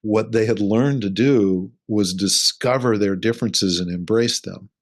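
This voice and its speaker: Here the middle-aged relationship coach speaks a little slowly in a fairly low voice. He's earnest in the casual interview, illustrating his points with acted-out examples.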